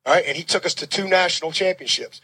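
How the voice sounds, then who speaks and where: A man with a high, husky voice answers a press conference question as a football coach. He is defensive and combative and keeps circling back to the same points. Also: quick pace, bright, forceful tone, rough recording. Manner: defensive, combative, repeating himself.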